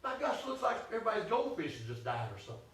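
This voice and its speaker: A man's voice: sits high, huge pitch swings, rapid-fire, reverberant, recorded from a distance, poor audio. A man preaching a folksy, emphatic sermon, acting out complaints in first person. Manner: voices Elijah's complaints in first person, rising to shouts. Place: church.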